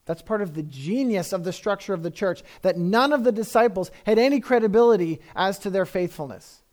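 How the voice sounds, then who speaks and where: A man's voice: high-pitched, expressive, a little fast, a little mellow. A man preaching a sermon in a conversational, emphatic way, often repeating phrases for effect.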